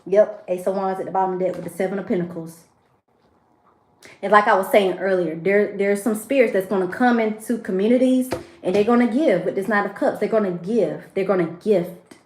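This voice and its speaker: A woman's voice: mid-range voice, brisk, a little mellow, roomy sound. A woman reading tarot for her viewers, emotional and preachy, addressing them directly. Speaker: tarot reader. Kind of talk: spiritual tarot livestream.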